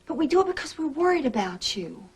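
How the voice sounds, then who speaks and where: An actress playing a worried, loving best friend with a Southern accent, talking earnestly in a soap opera. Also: female voice, high-pitched, sing-song, fast talker. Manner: earnest and pleading, folksy turns of phrase.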